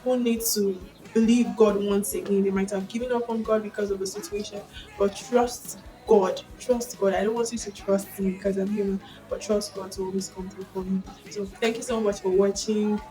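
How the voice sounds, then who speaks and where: A young woman with a Nigerian accent shares a personal testimony in a casual vlog. She tells it expressively and breaks into excited exclamations. Her voice sits a little back from the microphone over faint background music. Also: mid-range voice, normal speed, far from the mic, rough recording. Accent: Nigerian English. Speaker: vlogger sharing a faith testimony.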